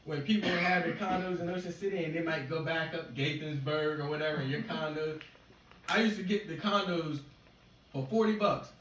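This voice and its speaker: A man's voice: a little high, fairly even intonation, brisk, a bit bright. A man doing casual stand-up, telling rambling, profane stories to a small crowd. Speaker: stand-up comedian. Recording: echoey room, far mic, noisy.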